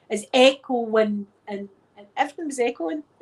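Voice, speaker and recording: A woman's voice: on the high side, moderate pace, few pauses. Chatty Scottish woman rambling to viewers. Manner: chatty, laughs often, lively storytelling. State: sore throat. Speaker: YouTube vlogger. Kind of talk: rambling casual chat to viewers.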